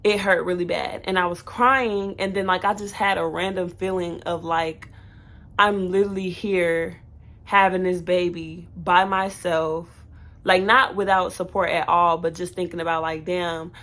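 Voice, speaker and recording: A young woman with a slightly low voice tells her own birth story to the camera in a casual storytime vlog. She is candid and chatty, with plenty of fillers and self-corrections. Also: steady tone, measured pace, fairly bright tone. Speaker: new mother telling her birth story.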